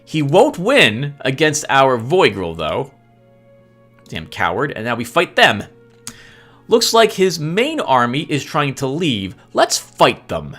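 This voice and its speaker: Give me a man hosting a gameplay playthrough, chatty and sheepish, with an animated voice over faint background music. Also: mid-range voice, slow pace. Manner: chatty, laughs often, sheepishly apologetic. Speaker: let's play host. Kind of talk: gameplay commentary.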